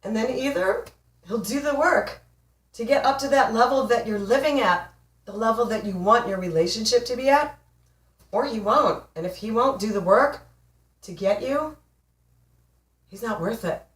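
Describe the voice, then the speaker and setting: A woman's voice: on the high side, moderate pace, pauses often, far from the mic. A woman in her forties, a relationship coach giving an emphatic, playful motivational talk to camera. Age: 40s. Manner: emphatic, playful, laughs often. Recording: echoey room, voice off mic.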